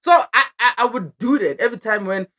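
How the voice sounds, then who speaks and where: Speaking fairly quickly with a voice on the high side, a young South African vlogger recounts a story in a relaxed, lively way. She laughs a lot and swaps languages mid-sentence.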